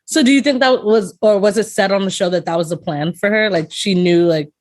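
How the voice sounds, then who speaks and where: A woman co-hosting a podcast in casual chat, curious and quick to laugh, asking lots of questions. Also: medium pitch. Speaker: podcast co-host.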